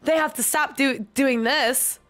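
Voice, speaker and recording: A woman's voice: high voice, measured pace, fairly bright tone, faint music behind. A young woman reacting live to an anime episode, gasping, swearing and pleading at the screen.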